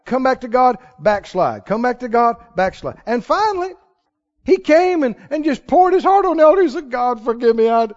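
A man preaching a sermon, telling stories in an animated way and chuckling often. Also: very high voice, moderate pace. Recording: reverberant hall, muffled sound.

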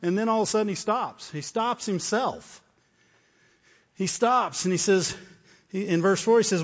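A man's voice: sits high, moderate pace, pauses often. A man preaching a sermon with repeated phrases, often asking "Amen?". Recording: dull, echoey hall.

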